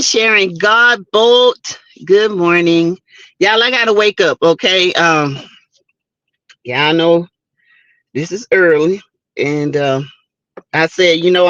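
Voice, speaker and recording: A woman's voice: fairly low pitch, fairly bright tone, no echo, muffled recording. A woman hosting a casual morning livestream, chatting and greeting viewers by name. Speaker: livestream host. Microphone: streaming setup mic.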